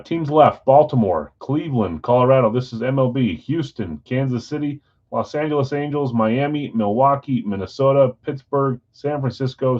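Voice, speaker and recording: A man hosting a live sports card break stream, chatting casually with viewers and reading out team assignments in a relaxed way. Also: mid-range voice, highs cut off. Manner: relaxed, chatty, talks straight to viewers by name.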